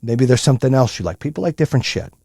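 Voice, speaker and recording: A middle-aged man hosting a solo motivational podcast, telling stories in a profane, animated way with lots of fillers. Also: mid-range voice, rapid-fire, slightly rough, no room sound, clean studio sound. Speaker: podcast host.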